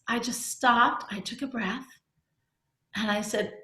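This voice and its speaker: Slow and steady in tone, with a slightly high, somewhat bright voice, a middle-aged woman leads a group discussion. She tells a personal story candidly and conversationally, with restarts and laughter, in a room that echoes.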